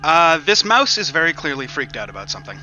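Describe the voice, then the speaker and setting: Man, game master, very bright voice, lively narration, faint music behind. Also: a little high, muffled recording. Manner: lively, quick asides and laughter.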